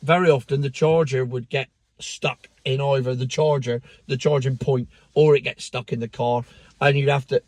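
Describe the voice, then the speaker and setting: A man's voice: medium pitch, steady tone, normal speed, a little mellow, no room sound. A man giving a sardonic, mocking rant in casual commentary, with the odd swear word. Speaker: car vlogger.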